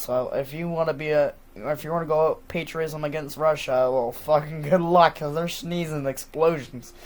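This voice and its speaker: A man's voice: a little high, darkish tone. Rambling, profane man with a stuffy nose. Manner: rambling, profane, lots of fillers. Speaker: vlogger. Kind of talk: casual rambling monologue.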